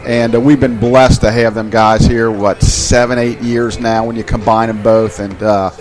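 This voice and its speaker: A man's voice: medium pitch, level tone, normal speed, darkish tone, rough recording. A male color commentator with a mid-range voice. He talks in a folksy, chatty manner, leaning on little fillers as he shares his thoughts with his broadcast partner. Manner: folksy, conversational, many fillers.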